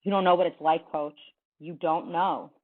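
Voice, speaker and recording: A woman reading aloud as a pleading, upset teenage boy, her voice pitched up and shaky. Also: fairly even intonation, normal speed, lightly acted. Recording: tinny phone-like sound.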